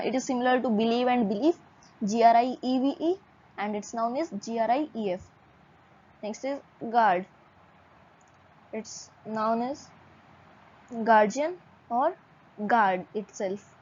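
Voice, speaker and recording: A woman teaching English vocabulary in a measured lesson, listing words one by one and spelling some out letter by letter. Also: a little high, a little mellow, dull audio.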